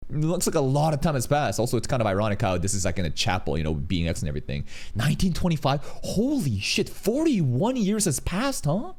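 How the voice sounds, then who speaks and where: A man streaming casual reaction commentary on an anime film, swearing freely, with sudden loud outbursts. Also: mid-range voice, big pitch swings, a little fast, few pauses.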